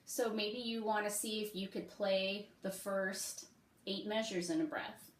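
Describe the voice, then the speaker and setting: A woman who teaches music, giving step-by-step practice advice in a relaxed, friendly way with frequent ums and okays. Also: medium pitch, measured pace, echoey room, a little hiss or hum. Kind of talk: casual instructional talk.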